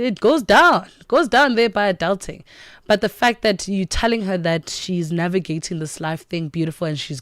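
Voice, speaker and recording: A woman's voice: medium pitch, no room sound. A woman hosting a morning radio show, talking in an effusive, motivational way from the studio. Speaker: radio host.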